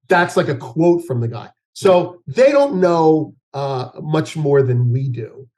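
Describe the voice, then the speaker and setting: A man's voice: fairly high pitch, lively intonation, slow pace, dark tone. A man speaking as a guest market analyst in an interview, talking in a rambling way with frequent restarts and fillers. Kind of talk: conversational interview.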